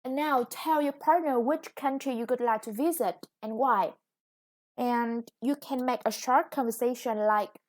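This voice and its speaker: A woman's voice: on the high side, a little slow, a little mellow. A woman English teacher with a Vietnamese accent, explaining a lesson patiently. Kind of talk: recorded classroom lesson.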